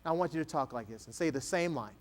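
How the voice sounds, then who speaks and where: A man's voice: fairly high pitch, animated, fast. A man giving an interactive keynote talk on stage before an audience, energetically coaching a volunteer. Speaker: keynote speaker.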